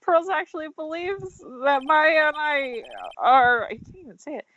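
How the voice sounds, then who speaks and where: A woman's voice: high-pitched, lively intonation, normal speed, fairly bright tone, dry recording, highs cut off, voice pushed up. A woman reading an earnest young male defense lawyer in her own plain voice for a let's-play fan dub.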